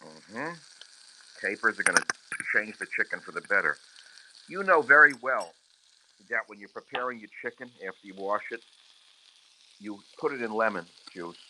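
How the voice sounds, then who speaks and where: Man, lowish voice, forceful, crude heated ranting, casual cooking livestream, home kitchen, phone mic, faint sizzling pan behind. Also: expressive, moderate pace, pauses often, noisy background. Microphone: handheld phone camera. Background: sizzling frying pan.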